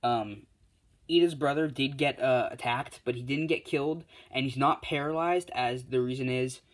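A man's voice: mid-range voice, normal speed. A man casually retelling a fan-made story as a YouTuber, rambling with lots of fillers and self-corrections.

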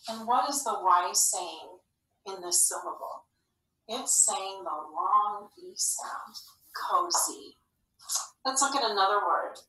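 Bright-voiced woman teaching phonics. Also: medium pitch, expressive. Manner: slow, clear, encouraging classroom delivery. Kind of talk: phonics lesson for young children. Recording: echoey room, slightly far from mic.

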